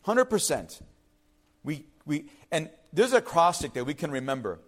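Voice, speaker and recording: A man preaching a sermon, swinging between loud urgent passages and soft hushed ones. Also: fairly high pitch, big pitch swings, moderate pace. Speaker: pastor.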